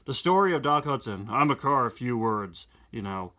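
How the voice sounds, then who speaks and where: A man voicing a reserved old male race car introducing himself, read aloud from a comic in a measured way. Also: medium pitch, animated, pushed and bright. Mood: proud.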